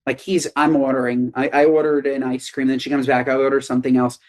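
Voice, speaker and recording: A man's voice: flat delivery, fast. A man co-hosting a comedy podcast, talking emphatically and breaking into mock rants. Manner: emphatic, mock-ranting, swings pitch widely. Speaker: podcast co-host. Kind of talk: casual comedic chat.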